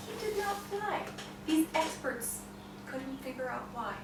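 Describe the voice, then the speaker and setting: A woman telling a folk tale in an expressive, unhurried way, recorded from far off in an echoey room. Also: very high voice, noisy background. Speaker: storyteller. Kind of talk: storytelling.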